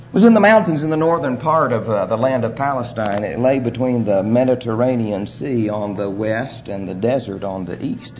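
A man preaching a sermon, telling the story in an earnest way with measured pauses. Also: mid-range voice, a little mellow, a little hiss or hum.

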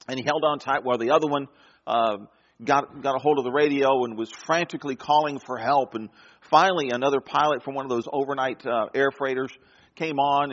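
A man preaching a sermon, telling a story with dramatic pauses and soft drops in his voice. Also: fairly high pitch, in a large hall, muffled recording. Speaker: pastor.

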